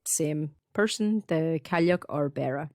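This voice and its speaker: Low-voiced Irish woman, chatty. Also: a little mellow, dry recording, clean studio sound. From Ireland. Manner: chatty, swearing, quick asides. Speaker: podcast co-host. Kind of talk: casual chat, retelling folklore.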